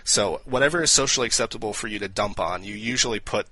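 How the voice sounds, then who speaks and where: Bright-voiced man telling jokes casually. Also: lowish voice, fast, no room sound, rough recording. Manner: animated joke-telling with frequent fillers. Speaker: podcast co-host. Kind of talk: casual podcast chat.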